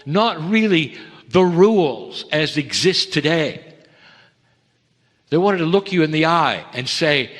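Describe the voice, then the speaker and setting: A man giving a channeled spiritual message to an audience, speaking gently and measured, with emphatic pauses and calling listeners dear ones. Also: on the high side. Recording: long hall reverb.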